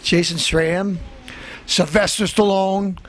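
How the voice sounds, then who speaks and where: A man hosting a comedy show, ranting in a boastful tough-guy manner, threatening to beat everyone up and breaking into shouts. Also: high voice, steady tone, takes it slowly. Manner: bursts into shouting. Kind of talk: comic tough-guy rant.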